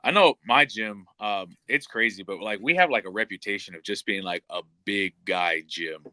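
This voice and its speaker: A man's voice: fairly low pitch, normal speed, pushed and bright, dry recording. A man hosting a podcast, chatting casually in a laid-back, joking way with plenty of "um" and "you know". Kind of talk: casual chat.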